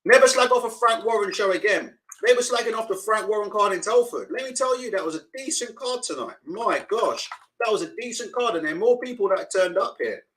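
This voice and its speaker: High-voiced swearing man. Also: lively intonation, a little fast, fairly bright tone, rough recording. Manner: swearing, rambling, reads chat aloud. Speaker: live stream host. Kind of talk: casual live-stream commentary.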